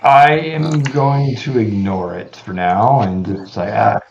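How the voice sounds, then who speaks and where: A man's voice: fairly low pitch, slow pace, creaky, distant mic, lo-fi sound, a crowd in the background. A man playing a tabletop game, speaking in character in a stammering, apologetic way. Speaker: player. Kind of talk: in-character tabletop role-play.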